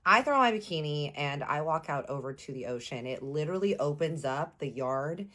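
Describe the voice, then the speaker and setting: A young woman from Texas telling a personal story in a casual vlog, animated, playful and slangy. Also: low voice, brisk.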